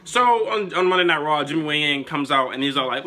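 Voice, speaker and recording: A young man vlogging in a casual, excitable and profane way, rambling as he spins made-up storylines. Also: fairly high pitch, fairly quick. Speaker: wrestling vlogger. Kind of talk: casual chat.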